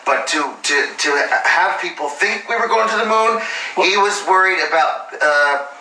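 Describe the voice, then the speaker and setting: A halting, hesitant storyteller. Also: male voice, high-pitched, pushed and bright, recorded from a distance, heavily acted. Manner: halting, full of fillers and restarts. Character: hesitant man playing a famous director. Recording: roomy and off-mic.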